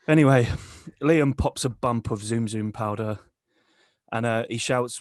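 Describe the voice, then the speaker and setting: Guy on a comedy podcast, crude deadpan storytelling, dry close sound. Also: mid-range voice, unhurried, no room sound. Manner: crude, deadpan tall-tale telling. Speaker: podcast co-host. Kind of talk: comic storytelling.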